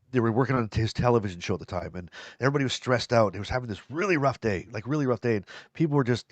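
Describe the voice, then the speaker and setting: Co-hosting a live stream, a man chats casually and reads viewer comments out loud. He rambles, repeats himself, and laughs easily, in a mid-range voice on a dry recording.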